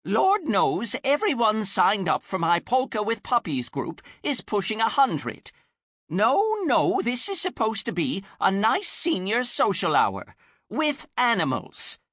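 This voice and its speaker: A man's voice: high voice, wildly swooping pitch, slow pace, a bit bright, no room sound, studio quality, voice pushed up, full character voice. A man voicing a pushy, folksy old lady customer with an insistent manner, in a storybook reading.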